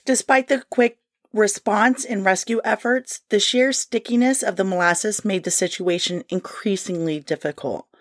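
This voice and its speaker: A woman co-hosting a podcast who reads history notes aloud and chats casually in an unhurried way. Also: mid-range voice, no room sound, clean studio sound. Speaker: podcast co-host. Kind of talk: casual chat and history storytelling.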